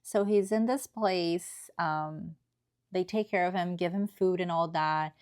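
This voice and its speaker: A woman's voice: fairly low pitch, a little slow, darkish tone, clear, resonant tone. A woman giving an earnest, emotional book review in a casual, chatty way, often checking in with tag questions.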